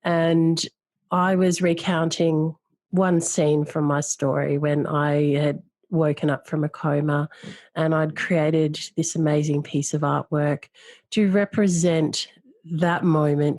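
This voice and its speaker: A woman with a low voice hosts a heartfelt podcast chat. She talks earnestly and reflectively, leaning on key words. Her voice sits close and dry, with no room sound around it. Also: fairly even intonation, measured pace, darkish tone, dry recording. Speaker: podcast host. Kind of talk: emotional podcast conversation.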